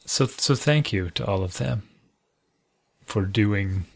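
A man's voice: lowish voice, slow pace, creaky. A man in his thirties, a podcast co-host talking casually in a rambling, self-deprecating way with frequent restarts. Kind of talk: casual chat.

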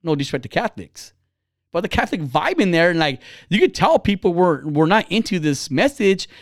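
High, lively man telling a candid story. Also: brisk, no room sound, clean studio sound. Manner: candid, rambling, with frequent restarts and laughs. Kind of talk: casual storytelling chat.

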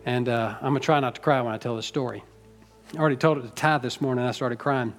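Soft background music plays as a middle-aged pastor delivers a sermon in his church sanctuary. Speaking fast at medium pitch with fairly even intonation, he rambles folksily, teases the congregation, and gets emotional.

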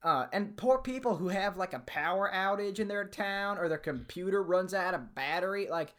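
A man's voice: high-pitched, lively intonation, normal speed, fairly bright tone. Teen guy with a Southern drawl. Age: teens. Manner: rambling, lots of fillers and restarts; self-mocking, fake cowboy drawl. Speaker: podcast co-host. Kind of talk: casual chat.

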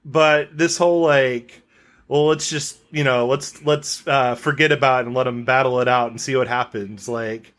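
A man's voice: medium pitch, steady tone, moderate pace, fairly bright tone. A young man co-hosting a casual podcast, talking in a sarcastic, ranting way. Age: young adult. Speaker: podcast co-host.

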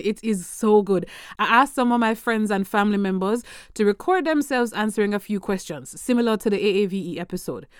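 A woman from Jamaica hosts a language podcast in an upbeat, conversational, scripted manner. Her voice is smooth and resonant at a medium pitch, recorded close and dry with no room sound. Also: dry recording. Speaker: podcast host.

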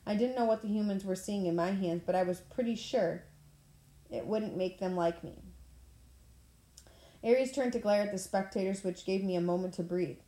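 A woman reading a novel aloud in a plain manner, now and then clearing her throat. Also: mid-range voice, normal speed, mellow. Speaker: audiobook reader. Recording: echoey room.

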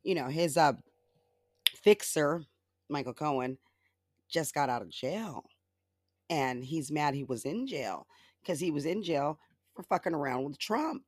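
A podcast host ranting casually about politics alone, sarcastic and profane, laughing often and mimicking others in exaggerated high voices. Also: lively intonation, a little slow, long pauses, darkish tone, dry recording, clean studio sound. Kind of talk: casual solo political rant.

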